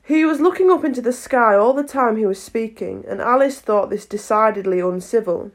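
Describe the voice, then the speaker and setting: A woman reading a storybook aloud in a clear, measured way, her voice sitting a little on the high side. She keeps a steady, even pace through the narration. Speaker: audiobook reader.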